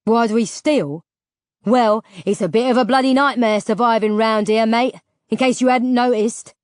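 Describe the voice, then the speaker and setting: A gruff young scavenger, hostile and suspicious, put on by a woman narrator in a storybook reading. He snaps out curt lines. The sound is dry and close. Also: fairly high pitch, moderate pace, no room sound, close to an everyday voice. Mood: defiant. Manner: snapping, curt.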